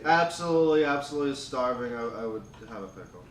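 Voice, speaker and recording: A man co-hosting a podcast in casual group chat, arguing and laughing easily. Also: medium pitch. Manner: animated, quick to argue and laugh. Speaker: podcast co-host. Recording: echoey room, distant mic, crowd noise.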